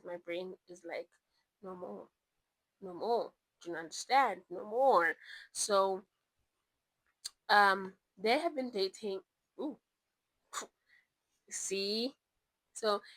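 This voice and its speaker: Young woman from South Africa, casual book vlogger, rambling and chatty, mid-pitched, dry close recording. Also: no room sound, low-quality recording. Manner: chatty, rambling, animated asides. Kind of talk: casual chat.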